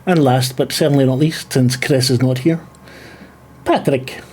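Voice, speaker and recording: A man's voice: mid-range voice, fairly even intonation, moderate pace, a little mellow, a little hiss or hum. A man hosting and running a tabletop game, chatty and joking with frequent swearing. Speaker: game master and host. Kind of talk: casual banter, sweary.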